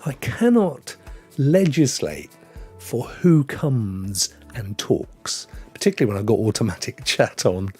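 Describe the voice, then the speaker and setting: Lively man hosting a stream. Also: medium pitch, husky. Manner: joking, rambling, chatty with viewers. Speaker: gaming show host. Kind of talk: live-stream chat.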